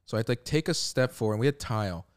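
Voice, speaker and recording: A young man telling a long story in a casual podcast chat, relaxed, swearing and saying "like" often. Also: medium pitch, quick pace. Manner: laid-back, swearing, heavy use of "like". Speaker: podcast co-host.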